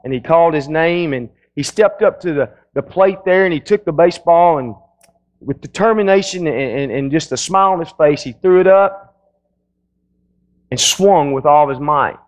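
A man's voice: on the high side, moderate pace, rough recording. A male pastor preaching a sermon in a folksy storytelling way, often restarting his sentences.

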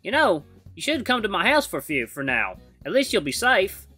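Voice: mid-range voice, sing-song, a little fast, slightly rough, faint music behind, pitched above the performer's own voice, heavily acted. A game streamer reading aloud and voicing a friendly, curious male kangaroo-like creature in a visual novel, with a put-on Southern twang. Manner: bright, eager, chatty.

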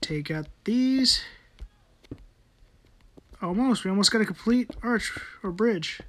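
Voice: medium pitch, animated, takes it slowly, a little hiss or hum. A person giving casual gameplay commentary, muttering to themselves while building and swearing often.

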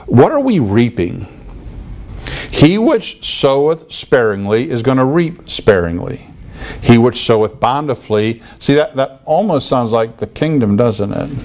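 Animated man preaching casually. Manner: conversational, animated, laughs and mimics others in high voices. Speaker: pastor. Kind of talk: sermon.

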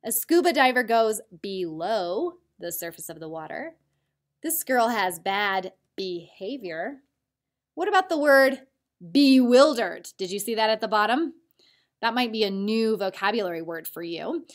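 A woman teacher giving a recorded spelling lesson to children, patiently sounding out words slowly so they can clap along. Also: medium pitch, animated.

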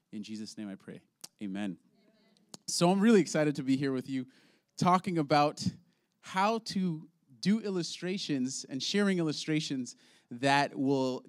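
A man leading a prayer and teaching children's ministry workers, telling stories in an earnest, animated way. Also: fairly high pitch, no room sound, clean studio sound. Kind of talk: prayer and teaching talk with storytelling.

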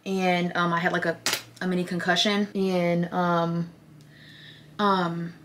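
Young woman vlogger, casual storytime chat into a phone camera, lower-pitched voice, candid and talkative with lots of "like". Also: flat delivery, slow, noisy background. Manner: candid, chatty, filler-heavy with frequent "like". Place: indoors at home. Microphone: phone camera at close range.

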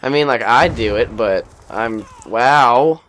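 A man's voice: on the low side, moderate pace, fairly bright tone. Rambling, foul-mouthed young gamer guy. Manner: rambling, self-deprecating, swears often. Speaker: gaming commentator. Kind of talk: casual gameplay commentary.

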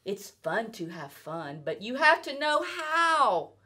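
A grinning show-off of a cat bounces through his boasts in a high, sparkling storybook voice, put on by a woman reading aloud. The melody leaps up and down as he brags. He takes his time over every word. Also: very animated, slow pace, pushed and bright, full character voice. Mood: boastful. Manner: sing-song, exaggerated storybook delivery. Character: playful mischievous male cat, boastful show-off.

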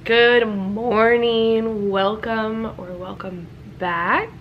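A woman's voice: medium pitch, measured pace, highs cut off, a little hiss or hum. A young woman with a stuffed-up voice, chatting casually to her camera at home in a bubbly, talkative way. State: stuffed up, congested. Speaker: vlogger. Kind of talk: casual vlog chat.

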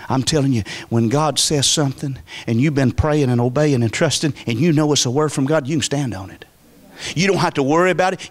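Pastor, male, folksy emphatic preaching, higher register, big swings up and down. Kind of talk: sermon.

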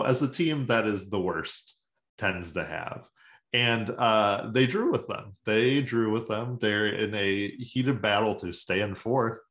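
A man's voice: mid-range voice, fairly bright tone, echoey room. A man co-hosting a soccer podcast, chatting casually with sarcastic, jokey asides. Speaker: podcast co-host. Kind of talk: casual sports chat.

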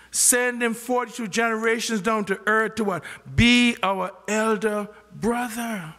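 An older male pastor preaching in a high, gravelly, bright voice. He keeps stopping to ask the congregation "what?" so they can complete his lines. His voice carries a long reverb through a large church hall. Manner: asks the congregation questions and has them finish his sentences. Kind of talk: sermon.

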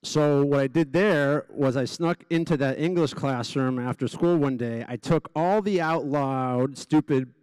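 This gala honoree's voice is mid-range, smooth and darkish, a little slow yet with hardly any pauses, in a dry recording. He stutters openly as he gives a personal speech before a live audience, repeating sounds and restarting.

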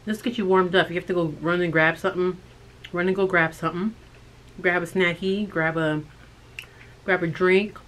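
A woman co-hosting a thrift vlog, chatting and joking with quick asides while still getting over an illness. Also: on the low side, steady tone, fairly bright tone. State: recovering from illness. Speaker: co-host of a thrift channel. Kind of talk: casual chat.

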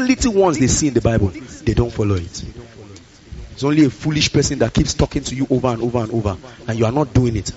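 A man's voice: mid-range voice, dull audio. A male pastor preaching a sermon with emphasis, repeating his phrases and calling out to the congregation. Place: church service.

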